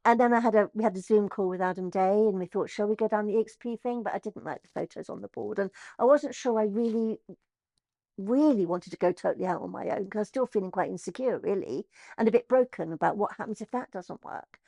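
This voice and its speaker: A middle-aged woman, an estate agent telling her story in an interview, chatty and animated. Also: mid-range voice, fast talker, gravelly, no echo. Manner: chatty, animated, acts out quoted voices.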